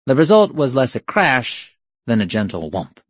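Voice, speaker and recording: Male audiobook narrator, wry and sardonic, mid-pitched, dry close recording. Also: big pitch swings, normal speed, no echo. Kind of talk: scripted narration.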